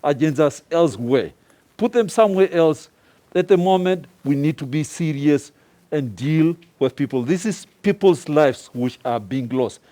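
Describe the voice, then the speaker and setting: Male doctor, pleading, fairly high mellow voice. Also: lively intonation, moderate pace. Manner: pleading, insistent. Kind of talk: panel discussion.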